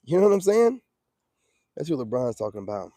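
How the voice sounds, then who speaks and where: A man's voice: mid-range voice, very animated, a little fast, warm tone, dry recording. A man hosting a casual livestream, giving streetwise dating advice in a preachy manner and reacting to viewer comments.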